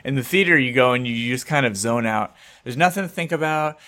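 A man's voice: medium pitch, expressive, quick pace, pushed and bright. A young man, a co-host rambling casually over a video call and swearing offhandedly. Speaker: podcast co-host. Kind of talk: casual chat.

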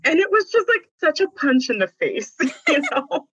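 A woman guest with a bright, forceful voice tells her story with dramatic flair. The sound is dry and close, but a little dull and lo-fi. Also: sits high, sing-song, moderate pace, dry recording. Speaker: podcast guest. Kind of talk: casual faith conversation.

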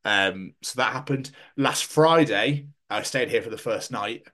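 A man from Scotland, hosting a podcast and telling stories in casual chat, sweary and animated. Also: mid-range voice, measured pace. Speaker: podcast host.

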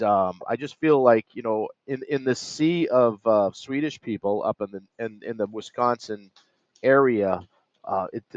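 A man in a casual comedy chat, joking in a deadpan, mock-serious way. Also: medium pitch, highs cut off. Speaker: podcast co-host.

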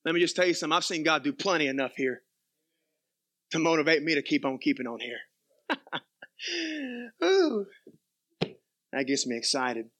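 Guy preaching, young, high bright voice, goes from soft asides to big loud peaks. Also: fast. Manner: animated preaching, swings from quiet asides to loud emphatic peaks. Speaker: pastor. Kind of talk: sermon.

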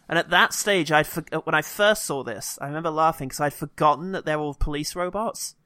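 A man co-hosting a casual film review podcast, animated and quick to act out movie lines in funny voices. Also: on the high side, dry recording, clean studio sound. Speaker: podcast co-host.

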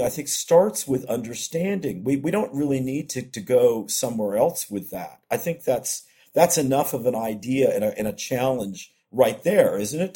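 A man's voice: mid-range voice, a little mellow, husky. A man co-hosting a podcast, speaking thoughtfully and hesitantly, often restarting his phrases. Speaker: podcast co-host. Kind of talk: reflective casual talk.

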